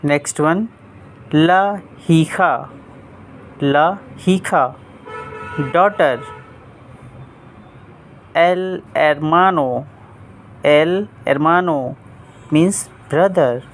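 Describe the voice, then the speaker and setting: A young man teaching Spanish family words, repeating each term carefully and clearly. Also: fairly high pitch, drawn-out words, pauses often. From India. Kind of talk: vocabulary lesson, word by word.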